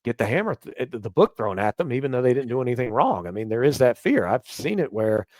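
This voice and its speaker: A man's voice: mid-range voice, very animated, quick pace, a little mellow, no echo. Earnest man guest on a dry mic. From United States. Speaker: podcast guest, police trainer and speaker. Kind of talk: casual podcast interview.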